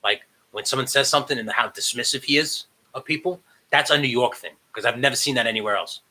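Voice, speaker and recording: A man on a podcast, recorded remotely from home, in loose casual chat. His voice is sharp and bright, and he talks in an animated, profane way. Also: medium pitch, fast talker. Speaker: podcast co-host.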